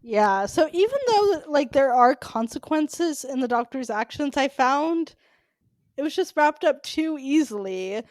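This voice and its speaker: A woman co-hosting a podcast in casual chat, animated and laughing as she rants. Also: sits high, measured pace, no room sound. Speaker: podcast co-host.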